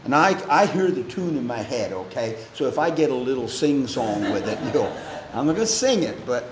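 A man preaching a sermon to his congregation in a church, earnest and measured, with pauses between phrases. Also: medium pitch, very animated, a little hiss or hum. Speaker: pastor. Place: church sanctuary. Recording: echoey church room, faint ambience.

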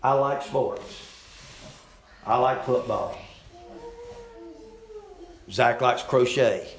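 A middle-aged man preaching a sermon, swinging between loud, climbing declarations and quiet, joking asides. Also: mid-range voice, extremely slow, vocal fry, echoey room, slight background noise, low-quality recording. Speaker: pastor.

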